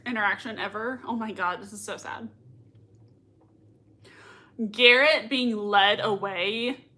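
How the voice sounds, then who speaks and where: A young woman hosts a live reaction stream, gushing and squealing with emotion as she chats excitedly. Her voice is a little high with a sharp tone.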